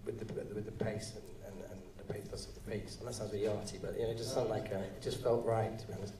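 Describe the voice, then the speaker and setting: A male actor answering audience questions at a live screening, talking in halting, rambling bursts with many restarts. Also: fairly low pitch, level tone, far from the mic, a crowd in the background. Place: cinema auditorium. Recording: roomy hall sound, voice from off-mic.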